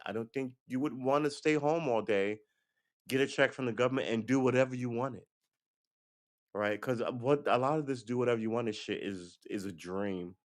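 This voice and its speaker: A middle-aged man hosting a livestream, chatting casually to viewers in a loose, rambling way, swearing and laughing often. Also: on the low side. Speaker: livestream host.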